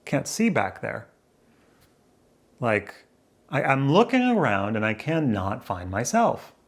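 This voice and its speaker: A husky-voiced man vlogs slowly to the camera in front of him, sitting indoors near a window. His mid-range delivery has a sing-song lilt as he muses aloud, wandering off topic and questioning himself.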